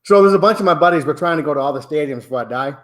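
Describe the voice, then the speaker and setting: A man's voice: a little high, animated, rapid-fire. A man in his sixties telling a rowdy, profane story in a casual podcast chat. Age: 60s.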